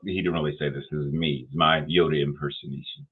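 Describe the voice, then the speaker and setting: A man giving a sermon, deliberate and repetitive, asking rhetorical questions. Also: a bass voice, level tone, husky. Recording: tinny phone-like sound.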